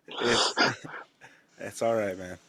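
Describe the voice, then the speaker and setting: A male podcast host with an ordinary mid-pitched voice, talking in a relaxed, easygoing way. He laughs his way through a funny story of his own. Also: noisy background. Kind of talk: casual chat.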